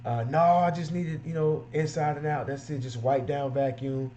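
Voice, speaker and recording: A man's voice: on the high side, fairly even intonation, moderate pace, dark tone, slight background noise, natural voice. A man voicing a blunt, dismissive male caller who haggles over the price of a car wash.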